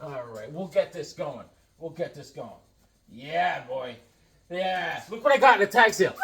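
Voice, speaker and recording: A man hosting a casual unboxing vlog, talking in an excitable, goofy, joking way. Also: on the high side, measured pace, vocal fry. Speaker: comics vlogger unboxing a package.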